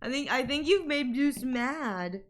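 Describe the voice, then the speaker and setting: A woman's voice: high-pitched, unhurried. A woman streamer chatting casually while she draws, rambling through stories and acting out other people's lines. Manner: chatty and rambling, with frequent fillers and laughter; animated storyteller who acts out other people's lines.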